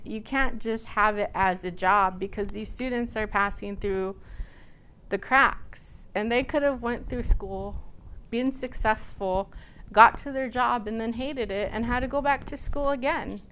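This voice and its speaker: Speaking in a fairly high, fairly bright voice that sounds clear and resonant, this college student services coordinator from Nebraska lectures through personal stories. Her delivery is chatty and full of fillers.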